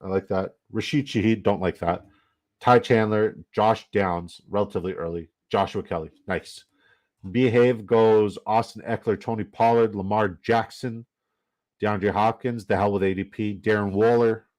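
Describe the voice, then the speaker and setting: A man's voice: fairly low pitch, fairly even intonation, normal speed, darkish tone. A man from Canada, giving loose, jokey commentary and swearing casually while running down a fantasy football draft.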